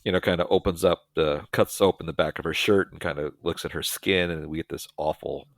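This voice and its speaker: A man's voice: sits low, steady tone, brisk, no room sound. A middle-aged man co-hosting a podcast, casually recapping a film with lots of "uh" and restarts. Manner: rambling storyteller with many fillers and restarts. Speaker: podcast co-host. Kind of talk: casual movie recap chat.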